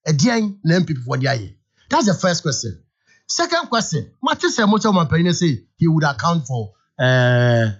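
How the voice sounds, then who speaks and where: A Ghanaian man calling into a radio phone-in, giving forceful political commentary in an argumentative, rhetorical manner. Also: high-pitched. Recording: dull lo-fi radio audio.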